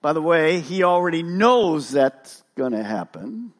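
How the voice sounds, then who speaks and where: Animated high-voiced male pastor. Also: measured pace, hardly any pauses. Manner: animated, rhetorical questions, emphatic. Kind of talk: sermon. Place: church service.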